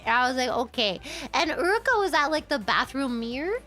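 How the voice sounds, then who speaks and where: A woman's voice: high-pitched, a little fast, faint music behind. A young woman streamer telling stories in a casual chat, giggling often. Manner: giggly, animated, breaks into laughter.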